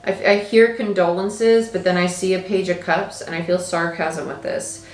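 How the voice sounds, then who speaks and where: A woman's voice: fairly low pitch, fairly even intonation, moderate pace, roomy sound. A woman tarot reader talking casually and animatedly as she reads her cards, thinking aloud as she goes.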